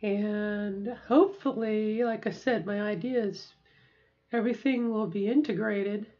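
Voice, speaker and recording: A middle-aged woman vlogging casually to camera, reflective and halting, practicing slow, deliberate speech while sore after a treatment. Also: mid-range voice, fairly even intonation, dark tone, highs cut off.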